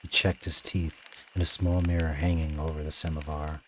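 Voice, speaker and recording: A man reading a novel aloud on a live stream in a steady narrating voice. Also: extremely low pitch, normal speed, slight background noise, poor audio. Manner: steady narration, with offhand asides. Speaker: reader.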